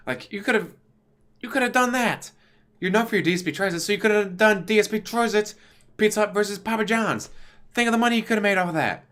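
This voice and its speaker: A man giving a casual, exasperated commentary rant to camera on his channel, talking with big swings in pitch. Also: a little fast, a bit bright. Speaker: YouTube commentator. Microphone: desk USB microphone.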